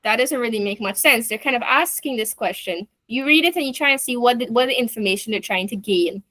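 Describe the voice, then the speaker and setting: A woman's voice: on the high side, lively intonation, a little fast, a bit bright, no echo. A woman teaching an online class, explaining step by step with chatty asides.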